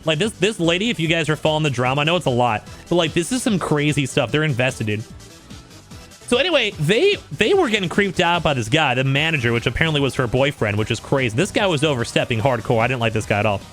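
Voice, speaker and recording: A man's voice: a little high, sing-song, quick pace, a bit bright, soft background music. Blunt, slangy male streamer. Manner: blunt, slangy, keeps saying dude and like. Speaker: streamer commenting on online drama. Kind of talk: casual commentary reading out messages.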